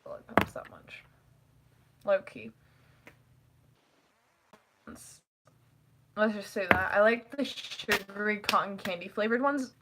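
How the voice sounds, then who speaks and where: A young woman chatting casually to camera, rambling and giggling, who acts out family quotes in high voices. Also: takes it slowly, long pauses, very noisy. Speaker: vlogger. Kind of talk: casual chat.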